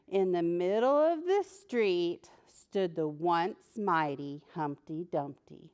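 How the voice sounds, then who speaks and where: A children's librarian reading a picture book aloud to preschoolers, animated and asking the children questions. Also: female voice, on the low side, slow, hardly any pauses.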